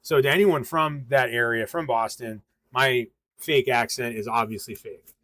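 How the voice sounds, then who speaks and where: Man, tarot reader on a livestream, casual and rambling, lots of fillers, mid-pitched, dry close sound. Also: normal speed, dry recording. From western Massachusetts. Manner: relaxed, rambling, many ums and uhs.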